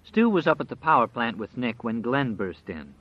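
A man narrating an audiobook in a dramatic, measured storytelling style. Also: mid-range voice, big pitch swings, dry recording. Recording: dry, slightly dull audio.

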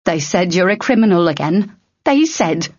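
A woman voicing a fierce, protective older mother who scolds her son bluntly and slowly. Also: lowish voice, big pitch swings, a little mellow, highs cut off. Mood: scolding.

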